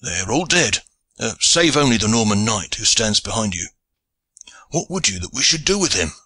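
A man voicing a steady archer giving a plain, matter-of-fact report. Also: fairly low pitch, moderate pace, breathy edge, no echo, exaggerated voice. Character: blunt, steady male archer reporting losses.

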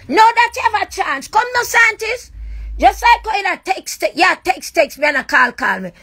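A woman's voice: very high-pitched, a bit bright. A woman with a Jamaican accent, ranting on a live stream in a raw, accusing, repetitive way. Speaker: livestreamer. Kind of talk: emotional live-stream rant.

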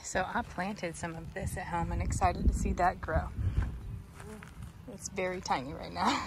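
This very noisy clip has a woman vlogger casually chatting as she browses an outdoor garden center, talking to plants and a dog on a walking vlog. She has a lowish voice, fairly even intonation and a moderate pace.

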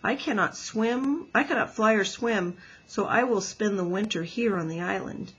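A woman voicing a gentle female robot mother who speaks in an even, formal, measured way. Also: medium pitch, slightly rough, highs cut off. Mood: calm.

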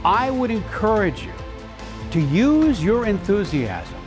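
Brief: male keynote speaker, high and very expressive, storytelling with dramatic pauses. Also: music in the background. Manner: animated, with slow dramatic pauses on key words.

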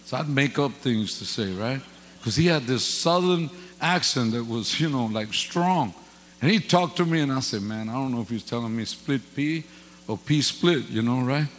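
A guest pastor delivers an informal sermon in a church hall, folksy and joking, with casual grammar and funny stories. His medium-pitched voice is expressive and moderately paced, and the recording carries long hall reverb and a faint mains hum.

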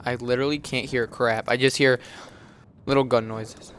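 A man's voice: mid-range voice, level tone, normal speed, fairly bright tone, slight background noise. A young man streaming a game live, rambling to his chat with restarts and asides. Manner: chatty, rambling, talks to chat. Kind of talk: live gameplay commentary.

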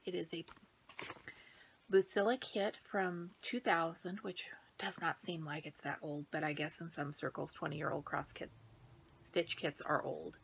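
A woman hosting her own cross-stitch video, chatting casually to the camera and dropping into soft, whispery asides. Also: on the low side, slightly rough.

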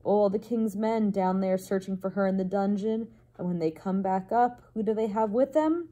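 A woman voicing a tall, sharp-tongued castle keyholder in a storybook read-aloud, with a scolding manner. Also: mid-range voice, normal speed, lightly acted. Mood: indignant.

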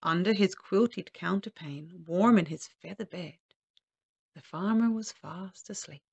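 Woman, storybook reading, gentle lilting delivery, gravelly edge, dry close sound. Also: lowish voice, unhurried, no echo, dull audio. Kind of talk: storybook read-aloud.

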